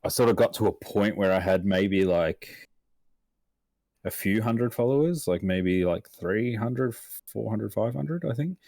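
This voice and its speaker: Brief: young aussie bloke, very low voice, dry close sound, rambling sweary storyteller. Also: male voice, animated, a little slow, gravelly, mellow, no room sound. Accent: Australian. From Australia. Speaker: podcast guest. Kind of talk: casual podcast chat.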